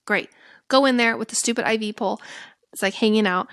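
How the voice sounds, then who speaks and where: A young woman, a podcast co-host, candidly recounting a personal story and acting out her own past lines in lively bursts. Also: fairly high pitch, fairly quick, clean tone, dry recording, studio quality. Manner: lively, candid, quotes herself in animated bursts.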